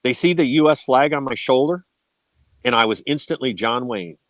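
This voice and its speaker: Guy telling stories on a podcast, says right? a lot, average pitch, dead dry mic. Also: normal speed, dry recording. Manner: swears freely, tags sentences with "right?", restarts words. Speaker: podcast guest. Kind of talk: casual storytelling.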